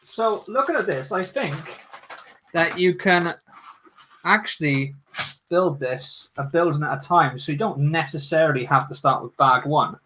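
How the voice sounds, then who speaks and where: A man's voice: on the high side, measured pace, pushed and bright, a little hiss or hum. A man hosting a casual livestream, chatting and joking with viewers as he builds. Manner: jokey, chatty, talks to viewers. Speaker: livestream host.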